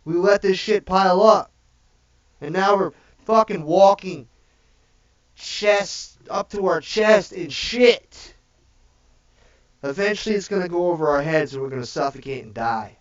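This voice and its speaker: A man delivers a heated, preachy rant on a live stream, swearing freely and tagging nearly every point with "okay?". His voice sits fairly high for a man. It comes across dull and muffled, picked up from a little way off the mic. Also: unhurried, long pauses, recorded from a distance. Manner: preachy and profane, repeating "okay?" after each point. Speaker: livestream host. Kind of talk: impassioned livestream rant.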